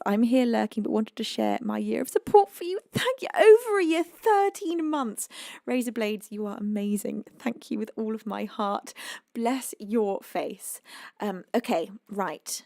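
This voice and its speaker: A chatty British woman hosting a live music stream from home, reading viewers' messages aloud with frequent exclamations. Her voice carries a gravelly, creaky edge. The sound is dry and close, with little room echo. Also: medium pitch, warm tone. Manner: chatty, exclaims often, reads chat aloud. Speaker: livestream music host. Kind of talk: casual chat with viewers.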